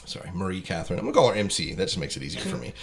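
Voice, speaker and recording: A man's voice: low voice, big pitch swings, racing, gravelly. A man hosting a casual comedy podcast who jokes, laughs often and wanders into asides. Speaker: podcast host.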